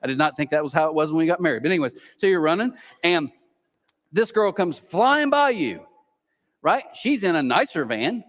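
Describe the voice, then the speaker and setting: A man preaching a sermon as pastor, animated, sometimes acting out a whispering inner voice. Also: a little high, normal speed. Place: large church auditorium. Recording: long hall reverb.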